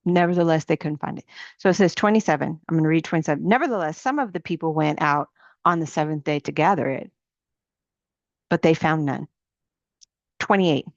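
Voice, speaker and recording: A middle-aged woman with a lowish voice preaching to women in an informal coaching sermon, pressing her point through repeated rising questions. The recording is dull and dry, with little room sound and a lo-fi edge. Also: fairly quick, pauses often, no room sound. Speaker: ministry coach.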